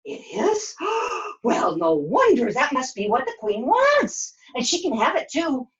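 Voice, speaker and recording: A woman puppeteer voicing a chatty, excitable young girl who talks in quick, sassy bursts during a puppet show. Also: sits high, highs cut off. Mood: sassy, excited. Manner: breathless, sassy, quick to exclaim.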